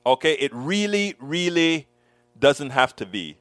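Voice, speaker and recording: Animated preachy male show host. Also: a little high, measured pace, no echo. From West Indian roots. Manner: animated, preachy, repeats words. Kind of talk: casual chat.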